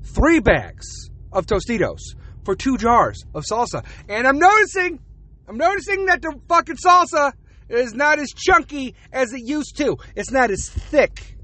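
High, bright-voiced man ranting. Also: expressive, measured pace. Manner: profane, laughs between rants. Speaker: podcast host. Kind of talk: casual ranting monologue.

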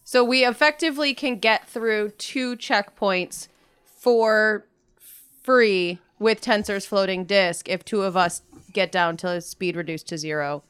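A woman at a tabletop game keeps the group's plan organized in casual chat. Her voice is smooth and resonant at a middle pitch. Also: a little slow, a bit bright. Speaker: player.

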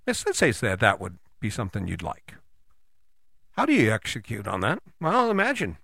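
Man with a bright, dry voice, motivational speaker coaching the listener directly, animated. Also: on the low side, moderate pace, gravelly, husky, dry recording. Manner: animated, acts out imagined dialogue. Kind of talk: motivational monologue.

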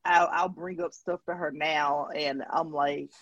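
Casting: high, husky man, lively storyteller, dull dry lo-fi recording. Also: a little slow, dry recording. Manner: animated storyteller, laughs often, acts out quotes. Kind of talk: casual conversation.

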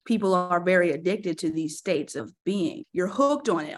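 A woman appearing as a guest coach on a casual podcast, animated and acting out emotions as she explains. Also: fairly low pitch, moderate pace, a little hiss or hum. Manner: animated, acts out emotions in quotes.

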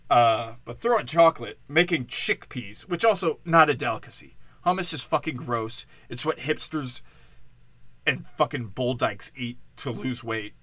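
A man's voice: mid-range voice, normal speed, bright, forceful tone, no room sound. A tipsy man hosting a podcast, delivering a crude, rambling comedic monologue and often breaking off mid-thought. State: tipsy from tequila.

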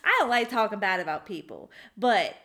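A woman's voice: medium pitch, expressive, normal speed, pushed and bright. A woman co-hosting a podcast in casual chat, laughing often as she talks. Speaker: podcast co-host.

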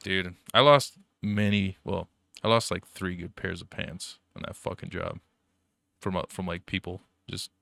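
Profane rambling young guy, bright clear voice. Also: deep voice, steady tone, a little slow, no echo. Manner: profane, rambling storyteller with frequent fillers. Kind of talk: casual chat.

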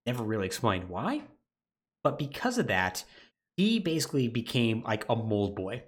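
A man's voice: mid-range voice, normal speed. A man co-hosting a podcast, recapping a plot in a casual chat and laughing often. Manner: animated storytelling recap with laughter. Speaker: podcast co-host.

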